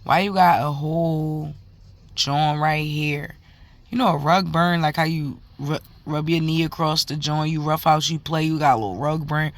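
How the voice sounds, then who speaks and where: A woman's voice: low-pitched, fairly even intonation, moderate pace, no echo. A mother telling a story to camera in a casual, heated and profane way, talking in emphatic run-on bursts.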